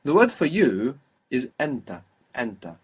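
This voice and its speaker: A man's voice: medium pitch, sing-song, fairly quick, breathy edge. Patient male language teacher. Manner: patient, prompting the student with questions. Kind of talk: guided language lesson.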